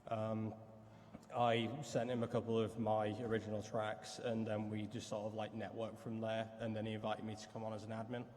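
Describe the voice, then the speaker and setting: A man on a convention panel, speaking casually and haltingly with fillers. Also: on the low side, monotone, a little mellow. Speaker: panelist, music site admin. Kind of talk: panel talk. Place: convention hall. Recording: convention hall reverb, faint noise.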